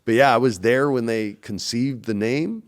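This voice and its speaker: A man in his forties, a guest in a casual interview, telling animated stories and acting out the people in them. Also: mid-range voice, moderate pace. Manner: animated storyteller, acts out quoted voices.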